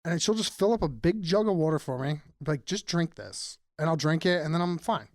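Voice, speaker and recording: Animated male co-host, chatty and rambling, dry studio sound. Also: a little high, fast talker, dry recording. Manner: animated, rambling, laughs often. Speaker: podcast co-host. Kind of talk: casual chat.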